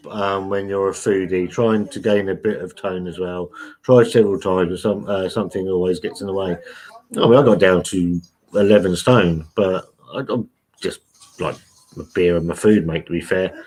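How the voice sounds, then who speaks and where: A man with a low voice hosts a casual livestream from home, reading out chat messages. He's chatty, blunt and sweary, and calls everyone mate.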